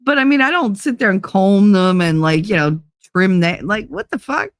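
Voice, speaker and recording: A woman's voice: medium pitch, lively intonation, moderate pace, no room sound, clean studio sound. A woman hosting a casual chat show, telling stories bluntly with frequent swearing and laughter. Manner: blunt, profane, laughs often. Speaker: host.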